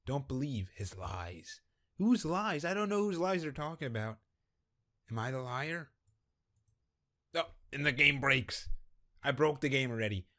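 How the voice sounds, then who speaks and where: A man's voice: fairly high pitch, normal speed, long pauses. A man commenting on a game as he plays, joking around and reading the on-screen text aloud. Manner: joking, animated, reads dialogue in voices. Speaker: gameplay commentator.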